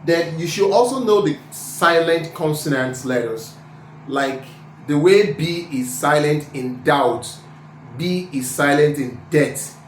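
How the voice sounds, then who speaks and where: A man's voice: on the high side, slow, reverberant, a little hiss or hum. A man with a Nigerian accent teaching IELTS speaking pronunciation, repeating sample words and spelling out letters.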